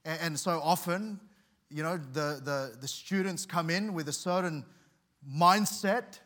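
Preacher, male, slightly high voice, earnest, stumbling restarts, swells for emphasis. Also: unhurried, a bit bright. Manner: earnest, repeats words and restarts often; tells a story with dramatic rises in volume. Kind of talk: sermon.

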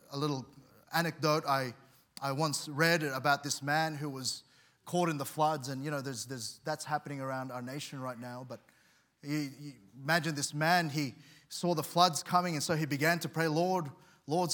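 Preacher, male, slightly high voice, earnest, stumbling restarts, swells for emphasis. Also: fairly even intonation, normal speed, bright, forceful tone. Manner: earnest, repeats words and restarts often; tells a story with dramatic rises in volume. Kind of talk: sermon.

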